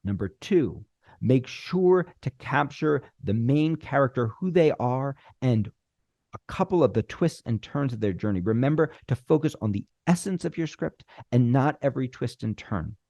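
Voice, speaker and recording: A middle-aged man teaching screenwriting, talking animatedly, with deliberate pauses and acted-out bits of dialogue. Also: medium pitch, expressive, warm tone, no room sound, lo-fi sound. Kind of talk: instructional talk.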